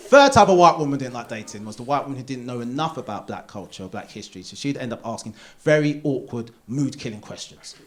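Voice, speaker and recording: A man doing a live stand-up set in a theatre, animated and jumping into high put-on voices for characters. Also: fast talker, hardly any pauses, a faint crowd. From Essex, England. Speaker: stand-up comedian. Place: theatre stage. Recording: live theatre recording with audience noise.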